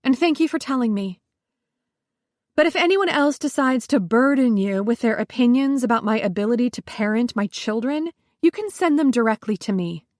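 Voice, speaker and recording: A woman narrator voicing a grieving widowed mother who speaks in sharp, indignant bursts, in a dry, close recording. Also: fairly high pitch, animated, normal speed, no echo, lightly acted. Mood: cold.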